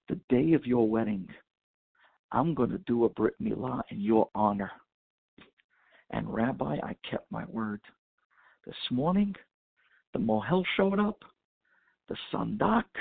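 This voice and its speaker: A rabbi preaching over a phone conference line, telling a moving story with passion. His voice is gravelly and a little husky. The sound is thin and phone-like, with no room echo. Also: medium pitch. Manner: impassioned storytelling, Hebrew and Yiddish terms. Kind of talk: sermon storytelling.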